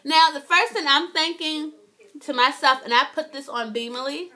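A young woman vlogging a casual, animated TV recap, swearing a lot and often asking "right?". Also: sits high, normal speed.

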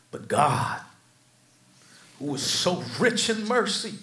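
Animated American preacher in an echoey hall. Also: male voice, slow, pauses often. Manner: preaching with rising, shouted peaks and soft, low asides; casual, slangy preaching with humor. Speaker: pastor. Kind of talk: sermon.

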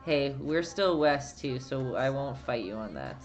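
Her bass voice is expressive and unhurried as this Canadian woman, speaking with a Canadian accent, teaches painting on a laid-back live stream. She answers chat from viewers, keeps things chatty and laughs often, with faint music behind her.

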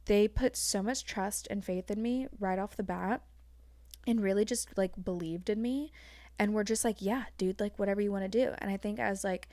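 A young woman talks openly as a guest in a relaxed conversation. Her phrasing is loose and peppered with "like". The recording is close and dry, with no room echo. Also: mid-range voice. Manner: frank, fast-flowing, heavy use of "like". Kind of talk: casual chat.

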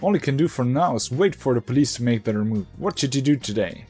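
A man playing a role-playing game, reading its dialogue aloud and thinking out loud in a relaxed, halting way. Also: mid-range voice, husky, soft background music. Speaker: let's play gamer.

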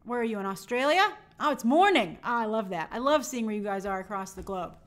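A woman's voice: on the high side, expressive, fairly quick. A young woman hosting a movie live stream, chatting upbeat and reading out viewer comments.

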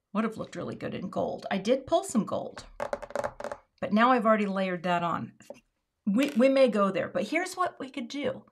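Woman, craft livestream host; chatty, thinks aloud, murmurs mid-task; average pitch. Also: vocal fry. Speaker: card-making livestream host. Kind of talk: casual livestream craft demo chat.

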